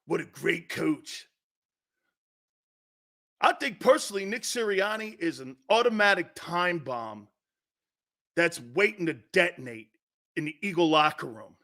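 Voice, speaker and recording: A man's voice: high-pitched, sharp tone. A middle-aged man hosting a sports talk show, ranting bluntly and profanely, repeating his point over and over. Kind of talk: opinionated sports talk rant.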